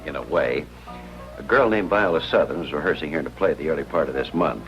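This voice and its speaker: An actor playing an earnest, persistent hospital chaplain in an old radio drama. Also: male voice, rumbling low, fast, faint music behind. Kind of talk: 1950s radio drama acting. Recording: dull lo-fi old radio recording.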